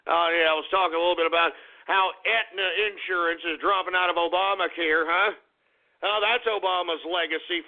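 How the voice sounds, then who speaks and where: A man hosting a political talk radio show, ranting angrily and profanely at his listeners, with a tinny phone-like recording sound. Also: high-pitched.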